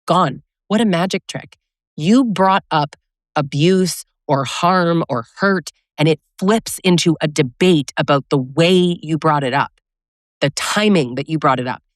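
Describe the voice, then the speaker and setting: A woman relationship coach with a low voice gives an educational talk to camera, speaking a little slowly. She is direct and conversational, often posing rhetorical questions. The sound is clean studio audio with no echo.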